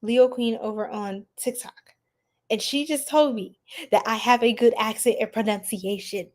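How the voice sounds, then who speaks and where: A bubbly, giggly woman hosting a tarot livestream, chatting with viewers, laughing often and gasping with excitement. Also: on the high side, normal speed. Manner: gasps and squeals with excitement. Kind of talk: live chat with viewers.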